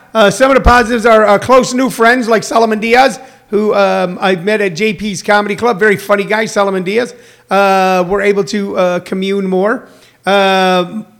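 Male live-stream host from Missouri, higher-pitched voice, halting and full of ums and uhs. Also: fairly bright tone. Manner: rambling, halting, full of filler sounds, greets viewers by name. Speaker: host of an online show. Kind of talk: casual live-stream chat.

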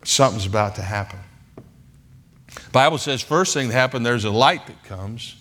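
A male pastor preaching a sermon in a church. He is emphatic, with dramatic pauses and heavy repetition. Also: medium pitch, lively intonation, fairly bright tone. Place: church sanctuary.

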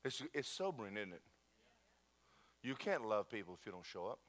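A man's voice: on the low side, normal speed. A man preaching a sermon to his church, telling jokes and stories and talking straight to the congregation. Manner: animated, joking storyteller addressing the congregation. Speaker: pastor.

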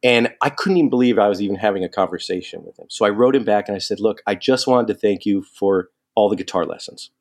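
A man telling a long story in casual chat, animated and quoting people as he goes. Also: lowish voice, fast, few pauses. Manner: animated, quotes people in lively asides.

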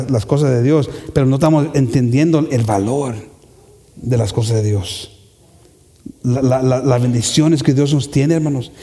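A man's voice: a little high, darkish tone. A man preaching a sermon with passion, repeating phrases and building to emphatic peaks. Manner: impassioned, repeats himself, rises to emphatic peaks. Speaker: pastor. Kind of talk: bilingual sermon. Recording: long hall reverb.

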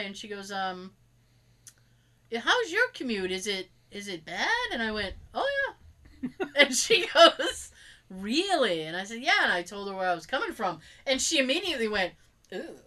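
A woman's voice: a little high, normal speed. A woman chatting casually and telling work stories, acting out what her coworkers said. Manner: animated, acts out coworkers' lines. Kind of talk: casual chat, storytelling.

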